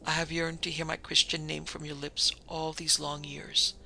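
This is a man reading a desperate noblewoman who begs in formal, tragic phrases, as in a gothic storybook. The voice is bright and gravelly, fairly high, and kept level in pitch. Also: flat delivery, normal speed, slight background noise, full character voice. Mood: pleading. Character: anguished noblewoman pleading with her old love.

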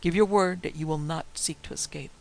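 A man's voice: fairly high pitch, fairly quick, vocal fry. A man voicing a firm, authoritative nobleman who rules a castle, in a storybook reading. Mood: commanding. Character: commanding nobleman, master of a castle.

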